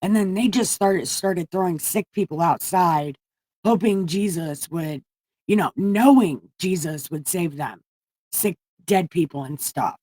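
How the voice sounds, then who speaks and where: A woman's voice: fairly low pitch, unhurried, warm tone, no echo. A woman hosting a livestream, retelling Bible stories casually in a profane, rambling, jokey way from a room at home. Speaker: livestream host.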